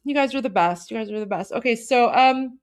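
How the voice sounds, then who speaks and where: A woman's voice: on the high side, brisk. A young woman hosting a political livestream, talking casually and emotionally to her viewers with many fillers and restarts.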